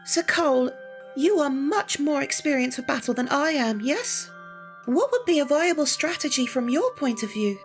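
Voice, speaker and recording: A reader voicing a formal, polite young female knight with fangs who turns hissing and furious, in a visual novel reading with soft music under it. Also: high voice, expressive, moderate pace, pitched above the performer's own voice. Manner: formal, stiff speech, erupting into hissing fury.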